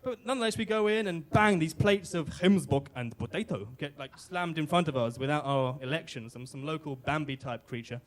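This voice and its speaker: A man's voice: on the high side, fairly quick, hardly any pauses. A British man telling a comic personal story on stage, wry and self-deprecating, with fillers and restarts. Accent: British English. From Britain. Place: live storytelling venue on stage.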